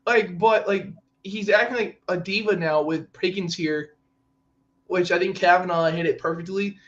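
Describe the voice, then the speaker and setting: Excitable man ranting about football. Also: high voice, highs cut off. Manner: ranting, exasperated, quick to quote players in mock voices. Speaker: podcast co-host. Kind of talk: casual sports chat.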